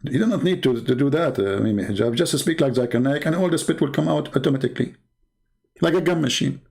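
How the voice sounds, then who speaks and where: Male debate host, middle-aged, gravelly voice, sarcastic and mocking delivery. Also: mid-range voice, expressive, fast, a little mellow. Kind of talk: mocking commentary on videos.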